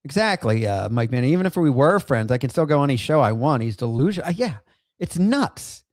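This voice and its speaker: A man's voice: medium pitch, very animated, a little fast, a little mellow, no echo, clean studio sound. A middle-aged man hosting a livestream, ranting with profanity and bursts of laughter while reacting to a clip and reading chat. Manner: heated, profane, laughing outbursts. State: in outpatient rehab.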